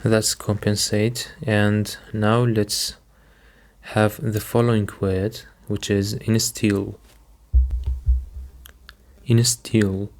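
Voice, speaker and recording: A man teaching English vocabulary, patiently repeating each word and explaining it with simple examples. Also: on the low side. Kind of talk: slow, careful teaching.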